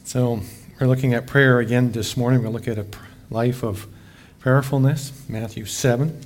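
Folksy pastor, chatty sermon. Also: male voice, mid-range voice, steady tone, normal speed, a little hiss or hum. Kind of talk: casual sermon.

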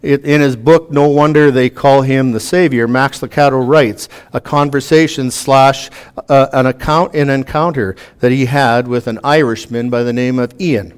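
Man, preacher, sermon, earnest, scripture reading, mid-pitched voice. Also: steady tone, normal speed, smooth. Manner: earnest, reads scripture aloud with emphatic rises.

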